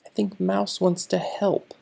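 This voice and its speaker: A man reading a picture book aloud to children slowly and deliberately, stopping to explain the feelings and words on each page. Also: high-pitched, monotone, creaky, a little mellow.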